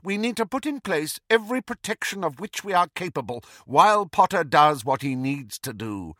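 In a storybook reading, a man voices a stern, commanding older female witch with a clipped, authoritative, firm manner. His delivery is pitched above his own voice, on the high side and a bit bright, with big pitch swings at a moderate pace. The recording is dry and studio quality.

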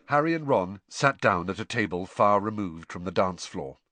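A man narrates an audiobook in a measured storytelling voice, his pitch rising and falling expressively. The recording is dry and close, with no room sound. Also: lively intonation, pushed and bright, no echo. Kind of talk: scripted narration.

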